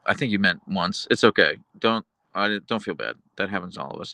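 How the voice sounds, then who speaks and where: A man's voice: lowish voice, lively intonation, moderate pace, vocal fry, pushed and bright, no room sound. A man hosting a livestream, reading viewer messages and rambling casually with lots of fillers and self-corrections. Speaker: livestream host reading chat.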